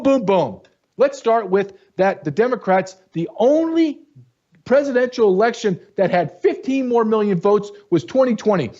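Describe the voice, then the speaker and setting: A man hosting his own show, delivering a blunt, angry commentary monologue that keeps rising into sharp outbursts. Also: sits high, dull audio. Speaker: show host.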